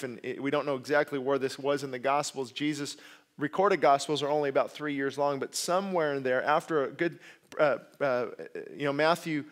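Guy pastor preaching, kinda high voice, hammers words over and over, chatty asides. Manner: emphatic, repeats key words, grows louder when stressing points; conversational asides and self-corrections. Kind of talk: sermon.

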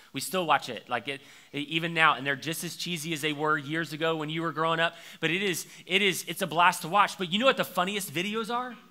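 A young man preaching a conversational sermon as pastor, shifting between quiet reflection and lively storytelling. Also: a little high. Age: young adult.

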